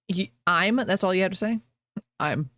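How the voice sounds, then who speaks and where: A woman's voice: medium pitch, a bit bright, no echo. A woman streamer chatting casually with her viewers, rambling, laughing often and breaking off mid-sentence.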